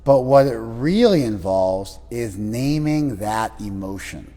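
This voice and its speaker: A man with a slightly husky voice leads a lively class, teasing his students and acting out little scenes. His voice carries a long reverb from a large room. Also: mid-range voice, slow. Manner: teasing, animated, acts out quoted voices. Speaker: spiritual teacher leading a class.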